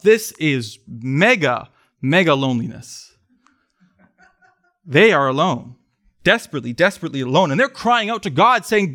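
A man preaching a sermon in church, earnest, swelling to emphatic pleas and then sinking soft. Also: on the high side, sing-song, moderate pace, pauses often. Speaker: pastor.

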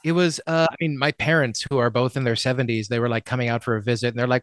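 A man in his thirties hosts a podcast with a chatty, joking manner. He tosses in quick asides at a mid pitch. The sound is dry and close to the mic. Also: fairly even intonation, fairly bright tone, no echo. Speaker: podcast host. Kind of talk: casual chat.

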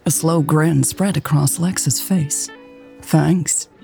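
A woman narrating a romance story in a calm, even storytelling voice. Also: deep voice, moderate pace, faint music behind. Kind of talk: scripted audiobook narration.

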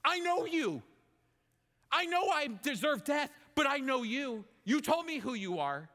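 A man's voice: very high voice, very animated, measured pace, bright, forceful tone, pitched above the performer's own voice, exaggerated voice. A preacher voicing a repentant king pleading. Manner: earnest, pleading. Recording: long hall reverb.

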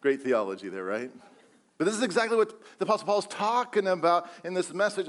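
A man's voice: high-pitched, expressive, fast talker, fairly bright tone. A male pastor preaching a sermon, emphatic and repeating his key phrases.

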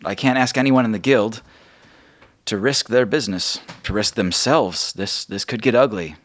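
A man's voice: on the low side, moderate pace, voice pushed up, natural voice. A man voicing a weary female guild leader who talks in an earnest, worried way and stammers. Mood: determined.

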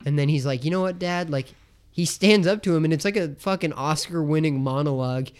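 Young male podcast co-host, slightly high, clear smooth voice, loose rambling delivery full of swearing. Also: fairly quick. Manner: rambling, acts out characters' lines in silly voices, swears freely. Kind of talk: casual chat.

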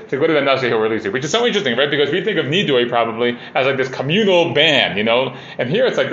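A man with a bright, forceful, mid-range voice leads a casual Talmud class, reading Aramaic passages and explaining them in plain English. His talk is conversational and peppered with "like" and "you know." The recording sounds dull and roomy.

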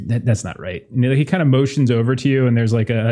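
Male GM, dark mellow voice, halting delivery full of fillers. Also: medium pitch. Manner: halting, many filler words and restarts. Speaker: game master. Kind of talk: narrating a tabletop horror game.

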